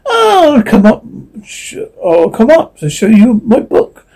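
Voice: medium pitch, huge pitch swings, takes it slowly, warm tone, full character voice. A reader voicing a pushy old-time casket salesman in a read-aloud radio play, cheerful sales patter with stumbles.

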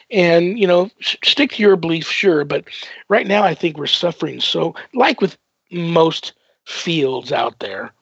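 Male radio host, gravelly and husky, loose rambling delivery, dull lo-fi broadcast sound. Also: on the high side, dry recording. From United States. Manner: warm-hearted rambling with many fillers. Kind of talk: casual radio interview chat. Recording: dull dry lo-fi broadcast audio.

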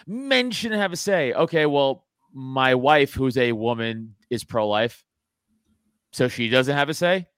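A man talking loosely on a podcast, voice sitting at an ordinary middle pitch. He curses freely and stumbles into restarts when he gets worked up. The recording is dry, with no room sound. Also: clear, resonant tone, no echo. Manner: profane, animated, frequent restarts. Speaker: podcast host. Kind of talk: casual chat.

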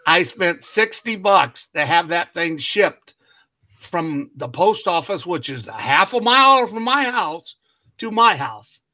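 A man's voice: high voice, very animated, takes it slowly, bright, forceful tone. A man co-hosting a casual podcast, telling a long story and acting out what everyone said, laughing often. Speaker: podcast co-host.

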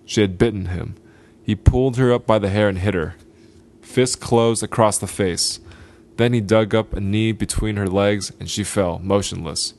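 A man reads a gritty short story aloud, taking his time over each line. His voice is fairly low and steady, with a deliberate, unhurried delivery. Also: creaky. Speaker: podcast host.

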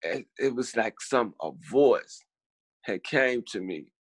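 A man's voice: mid-range voice, expressive, husky, no room sound. Man from telling his story. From Richmond, Virginia. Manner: halting, repeats words, acts out quoted voices. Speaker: guest. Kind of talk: storytelling interview.

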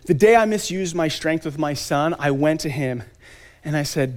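A man in his thirties giving an earnest motivational talk at a conference, with dramatic pauses and emphatic lists. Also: a little high, lively intonation.

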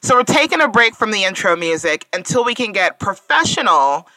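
Woman podcast co-host with a bright, dry close-mic voice who teases and laughs a lot. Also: medium pitch, sing-song, fairly quick, no room sound, poor audio. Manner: playful, teasing, laughs often. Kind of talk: casual chat.

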